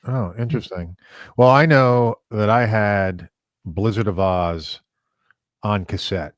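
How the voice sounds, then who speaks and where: A man with a very low voice co-hosts an interview. He talks with rambling enthusiasm and plenty of fillers. The sound is dry, with no room echo. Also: takes it slowly. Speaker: podcast co-host. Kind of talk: casual interview conversation.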